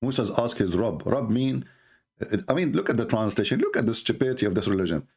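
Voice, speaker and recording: A man's voice: mid-range voice, very animated, brisk, creaky, darkish tone, slightly rough. A man giving a sarcastic, mocking monologue as a religious debater, full of scornful rhetorical questions.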